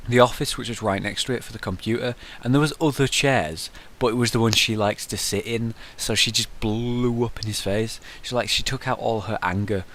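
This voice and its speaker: A man's voice: medium pitch, a bit bright. A young man answering viewer questions in a casual vlog, rambling through stories with lots of fillers. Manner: rambling, conversational storytelling with frequent fillers.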